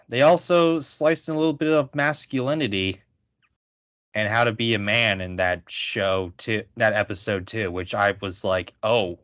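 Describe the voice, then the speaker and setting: A man's voice: on the low side, no room sound. A man co-hosting a podcast, chatting casually and rambling through thoughts with lots of fillers. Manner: rambling, filler-heavy, animated asides. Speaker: podcast co-host. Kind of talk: casual chat.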